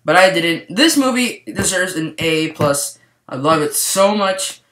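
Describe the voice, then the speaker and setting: A man giving a casual movie review to camera, rambling and excited, with lots of "like" fillers. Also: on the high side, a little slow, noisy background. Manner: rambling, excitable, heavy use of "like". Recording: roomy echo.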